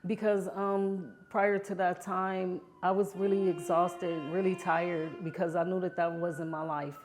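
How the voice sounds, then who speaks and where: Low-voiced woman telling her story. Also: a little slow, music in the background. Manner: heartfelt storytelling, often adds "you know"; grows animated when reliving past moments. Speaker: interview guest. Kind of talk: personal testimony interview.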